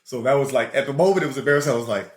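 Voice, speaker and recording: A man with a New Orleans accent co-hosts a podcast, laughing as he tells animated stories from his school days. His medium-pitched voice moves very fast, and the room has a noticeable echo. It's a casual storytelling chat.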